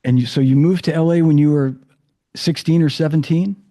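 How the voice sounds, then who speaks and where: Effusive male podcast host, mellow voice. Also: fairly high pitch, steady tone, brisk. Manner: warm, effusive, chatty with fillers. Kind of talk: casual interview chat.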